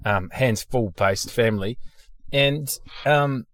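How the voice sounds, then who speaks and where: A man's voice: mid-range voice, slow, fairly bright tone, no echo. Blunt, sweary Australian man, dry sound. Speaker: podcast host. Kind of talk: casual podcast chat.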